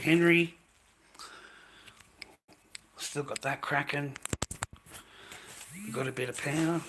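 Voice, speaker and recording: A man's voice: mid-range voice, background noise. An Australian man chatting casually on a livestream from his kitchen at home, rambling and swearing freely while calling viewers mate and bro.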